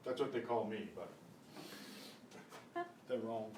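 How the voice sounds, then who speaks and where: A man teaching a beginners Spanish class, patiently repeating words slowly for pronunciation drills. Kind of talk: beginner language lesson. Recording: echoey room, voice from a distance, faint rumble.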